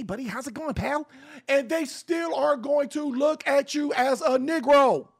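Blunt talk show guy, really high voice with a gravelly edge, cusses a lot, keeps repeating himself to hammer it home. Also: a bit bright. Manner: blunt, profane and emphatic; repeats and restarts words while building a point. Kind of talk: opinionated radio talk.

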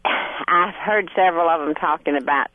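A woman's voice: sits low, moderate pace, no room sound. An older woman, calling in to a radio show and telling a story in a chatty way, laughing often. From Hartwell, Georgia, USA. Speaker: radio caller. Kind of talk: casual storytelling on a call-in show. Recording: tinny phone line.

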